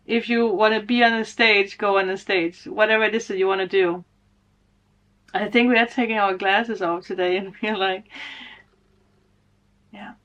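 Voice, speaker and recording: A woman's voice: medium pitch, fairly bright tone, highs cut off. Emotional woman giving a tarot reading. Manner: emotional, laughs often, speaks directly to viewers. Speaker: spiritual tarot reader. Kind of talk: casual tarot reading vlog.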